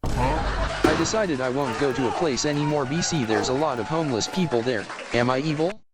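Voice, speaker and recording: A man chiming in on a live stream with short, flat remarks. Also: mid-range voice, normal speed. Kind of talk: casual live-stream chat.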